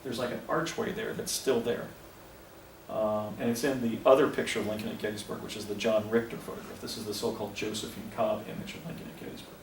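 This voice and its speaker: A man's voice: lowish voice, little pitch movement, fast talker, gravelly. Man lecturing from afar in an echoey hall. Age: 50s. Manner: rambling, with restarts and digressions. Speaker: presenter. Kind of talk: lecture presentation. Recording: echoey room, distant mic, faint noise.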